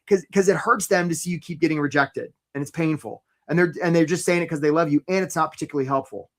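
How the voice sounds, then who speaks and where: A man's voice: a little high, fast, fairly bright tone. A man hosting a live career webinar, talking energetically and conversationally, often checking in with "right?" and greeting attendees by name.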